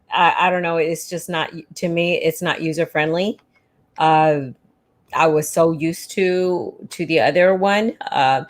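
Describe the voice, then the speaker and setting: A woman co-hosts a casual livestream for educators, her voice pitched on the lower side. She agrees readily and talks in loose, restarting phrases filled with fillers. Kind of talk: casual chat.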